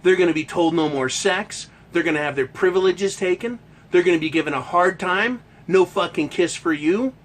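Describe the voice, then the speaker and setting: A man's voice: high-pitched, normal speed. A man hosting a ranting monologue, talking in a heated, emphatic and profane way. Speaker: host.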